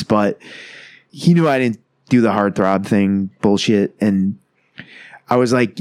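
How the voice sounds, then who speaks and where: A man's voice: on the low side, steady tone, moderate pace, no echo, studio quality. A man in his thirties, a pro wrestler, telling a rambling, profane story in a casual interview and acting out the quotes.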